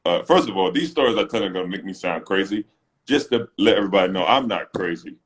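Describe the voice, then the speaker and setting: Talking fast, a deep-voiced co-host from Britain who once played pro basketball spins animated tales on a casual phone livestream. He performs the quotes himself and often breaks into laughter.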